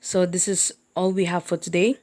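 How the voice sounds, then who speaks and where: A woman's voice: lowish voice, level tone, normal speed, a little mellow. A woman teaching an English grammar lesson. She explains patiently, repeats her points and often checks that the class follows.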